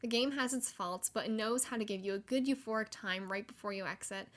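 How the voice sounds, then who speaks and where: A young woman hosting a solo gaming podcast, chatty and excitable, with frequent likes and laughter. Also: mid-range voice, brisk. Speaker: podcast host.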